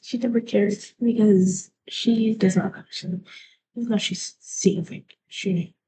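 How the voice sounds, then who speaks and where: A woman live streamer rambling through a story in a soft, half-whispered way, often trailing off. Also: mid-range voice, a little slow, noisy background.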